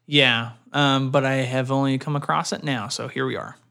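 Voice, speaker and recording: A man co-hosting a casual podcast, reading out news stories and joking, often trailing off quietly. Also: fairly even intonation, normal speed, vocal fry. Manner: bursts into loud high put-on chants and quotes, trails off quietly.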